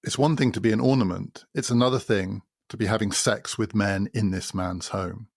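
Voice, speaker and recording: Man, podcast host, low voice, gravelly fry, dry close sound, explanatory, repetitive emphasis. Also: fairly even intonation, normal speed, no echo. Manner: explanatory, builds points by repetition. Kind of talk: spoken literary commentary.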